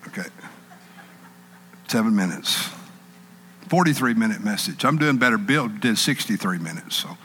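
A man preaching a sermon in an animated way, acting out panicked people in a raised voice. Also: medium pitch, in a large hall, slight background noise.

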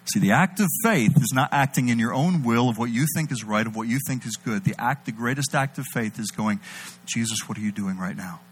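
A man preaching a sermon, animated, swinging between loud emphatic bursts and low intimate delivery. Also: fairly quick, few pauses, husky, poor audio.

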